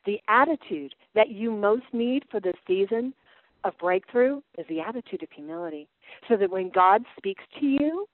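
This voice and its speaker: A middle-aged woman preaches to a gathering of sisters, hammering out question after question and then sinking to a hushed, intense hush. Her voice comes through narrow and tinny like a phone line, and completely dry. She slips easily into homespun stories from her own home. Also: medium pitch, expressive, normal speed, no echo. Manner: emphatic, piles up rhetorical questions, drops to soft intensity; folksy personal storytelling. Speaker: women's Bible teacher. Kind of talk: preaching sermon.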